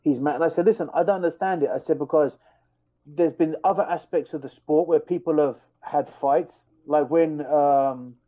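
A man, a fighter, telling a heated story in casual podcast talk, animated and full of restarts. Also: a little high, normal speed, highs cut off. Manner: animated, fired-up retelling with many restarts.

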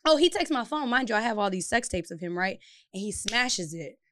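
A young woman co-hosting a podcast, telling a personal story in casual chat, animated and profane, with sudden shouted outbursts. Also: mid-range voice, fairly quick. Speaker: podcast co-host.

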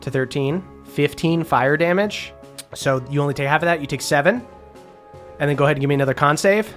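A man running a tabletop game as game master, quick and animated and often breaking into laughs. His voice sits a little high, with faint music behind him.

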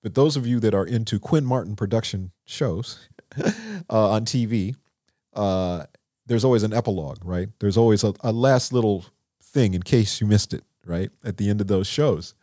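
A man telling stories as an interview guest in a recording studio, animated and acting out what people said. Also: moderate pace, dry recording. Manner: animated, acts out quotes with lively pitch. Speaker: songwriter and producer, interview guest. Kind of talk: conversational storytelling.

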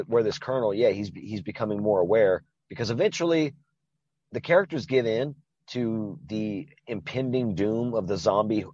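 A man with a husky, breathy voice chats casually on a podcast, retelling a film with plenty of profanity and tangents. The recording is dry and close, with a slightly muffled, dull tone. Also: fairly low pitch, no echo. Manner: profane, rambling, animated retelling. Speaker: podcast co-host. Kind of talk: casual movie-review chat.

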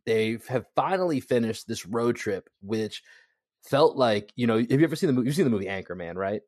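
A man hosting a sports podcast in casual, slangy, energetic chat, laughing often. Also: mid-range voice, brisk, dry recording, clean studio sound. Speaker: podcast host.

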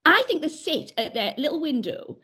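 A woman's voice: high-pitched, big pitch swings, normal speed, pushed and bright. A woman co-hosting a casual podcast chat over a call, telling stories with giggles and acted-out quotes. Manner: chatty, giggly, acts out voices in quotes. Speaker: podcast co-host. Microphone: remote call.

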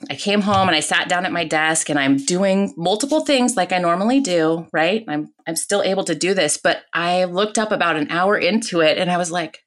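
A woman in her forties, a podcast guest telling her own story in a candid, lively way, often adding "right?" and "like". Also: on the low side. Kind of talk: casual personal storytelling.

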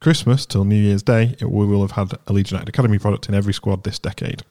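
A man's voice: lowish voice, steady tone, fast talker, warm tone. A man co-hosting a casual football fan podcast, eagerly reading out stats and tweets. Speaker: podcast co-host.

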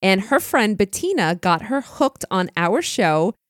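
A woman's voice: medium pitch, big pitch swings, measured pace, no echo, clean studio sound. A woman co-hosting a casual podcast and teaching criminology, talking with enthusiasm and gratitude. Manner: enthusiastic, grateful.

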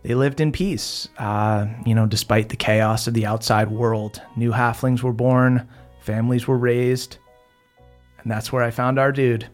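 A man's voice: medium pitch, fairly even intonation, measured pace, soft background music, lightly acted. A man voicing a woman from the fey recounting a ruined world. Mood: reflective. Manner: reflective storytelling.

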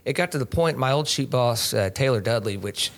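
A man's voice: medium pitch, animated, brisk. A man, a podcast guest telling his story in a rambling, easygoing way with lots of filler words. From Texas. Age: 20s. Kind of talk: casual interview storytelling.

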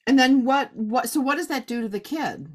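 A woman's voice: high voice, normal speed. A middle-aged woman hosting a casual chat, asking questions in a rambling, conversational way. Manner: chatty, rambling with fillers and restarts, asks questions. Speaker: host.

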